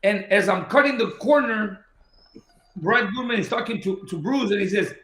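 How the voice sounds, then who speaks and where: A man with a bright, high-pitched voice tells a long boxing story in casual talk. He acts out each person's lines as he goes. The room around him is echoey. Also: normal speed, slight background noise. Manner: animated anecdote-telling, acting out quoted dialogue. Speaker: boxing trainer.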